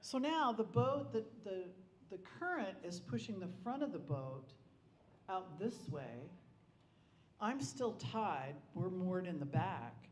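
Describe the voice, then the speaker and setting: A man's voice: high-pitched, big pitch swings, slow, slight background noise. Middle-aged man telling stories in an echoey hall. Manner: rambling anecdotes with frequent restarts. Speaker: eulogy speaker. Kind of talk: personal storytelling at a memorial. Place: club hall. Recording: echoey hall with faint ambience.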